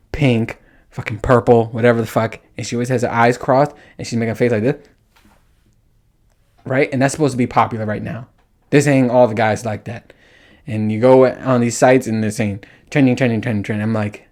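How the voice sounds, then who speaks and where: A man's voice: medium pitch, a little mellow. Crude, laughing man hosting a podcast. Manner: crude, joking, laughs often. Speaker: podcast host. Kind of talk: casual monologue.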